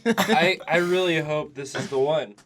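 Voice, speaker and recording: A man playing a tabletop game who drops deadpan, silly quips. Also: a little high, measured pace, a crowd in the background. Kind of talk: playful improvised game chat.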